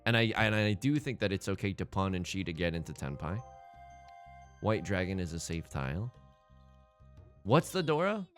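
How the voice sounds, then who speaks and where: An excitable young man commentating his own game, joking as he plays. His voice moves in a lively way, from sudden loud outbursts to quiet grumbling. Faint music plays behind him. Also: low voice, normal speed, pauses often. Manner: excitable, jokey, swings from shouting to muttering. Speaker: let's play host.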